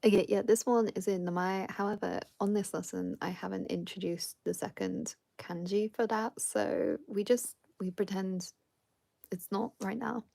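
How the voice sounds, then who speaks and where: A woman teaches a beginners' Japanese class in a relaxed, chatty way. She laughs often and fills her sentences with "like." Her voice carries a gravelly, creaky edge. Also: mid-range voice, normal speed, no echo. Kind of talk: casual live lesson chat.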